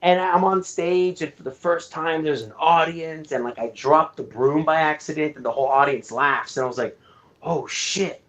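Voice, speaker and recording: A man's voice: a little high, moderate pace, hardly any pauses, a bit bright. A man from Canada, a guest film director, chatting casually in an interview and telling his story candidly, with plenty of swearing and fillers.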